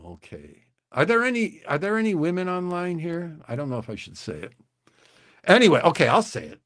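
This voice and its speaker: A man's voice: on the high side, sing-song, fairly quick, a bit bright. A man in his sixties, originally from the Chicago area, hosting a livestream and telling a rambling, hesitant story full of restarts. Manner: rambling, hesitant, self-interrupting. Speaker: livestream host.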